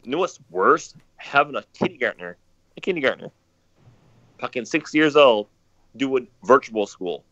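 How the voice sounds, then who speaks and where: A man's voice: mid-range voice, animated, normal speed, a bit bright, no echo, highs cut off. A man hosting a casual livestream chat, cursing a lot and repeating himself as he rambles. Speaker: podcast host.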